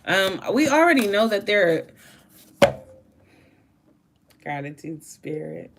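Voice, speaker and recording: A woman's voice: fairly high pitch, big pitch swings, a little slow, gravelly, pauses often, a little hiss or hum. A woman doing a casual tarot reading, talking in a rambling, emphatic way and swearing freely. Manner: profane, rambling and emphatic, with sudden laughs. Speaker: tarot reader.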